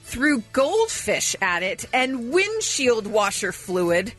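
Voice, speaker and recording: A woman co-hosting a radio morning show, telling odd news stories in animated, laughing banter. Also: fairly high pitch, slow, faint music behind. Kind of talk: casual comic radio banter. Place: radio studio. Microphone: studio microphone.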